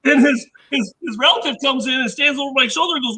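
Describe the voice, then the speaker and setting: A man with a squeaky, very high voice and a sharp, bright edge to it. He rambles through casual anecdotes as a guest inventor, slipping into the voices of people in his stories. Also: fast, rough recording. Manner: rambling anecdotes, acting out others' remarks. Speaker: podcast guest, inventor and engineer. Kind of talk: casual storytelling chat.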